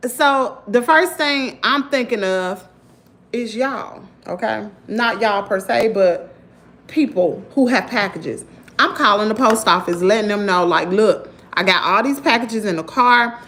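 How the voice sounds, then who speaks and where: A woman from Mississippi with a Southern accent, telling a story to her viewers in an animated, emphatic way. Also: fairly high pitch, measured pace. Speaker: vlogger.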